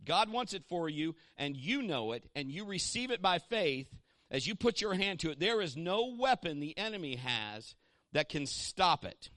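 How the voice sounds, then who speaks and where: A middle-aged man preaching an impassioned sermon, pausing to have the congregation repeat lines after him. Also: on the high side, big pitch swings, a bit bright, no echo, studio quality. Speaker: pastor.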